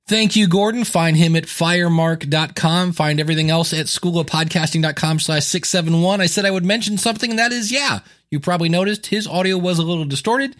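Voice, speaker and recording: A man's voice: sits high, brisk, hardly any pauses, fairly bright tone. A middle-aged man hosting a podcast, chatting casually and telling stories with playful asides. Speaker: podcast host. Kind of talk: casual podcast chat and monologue.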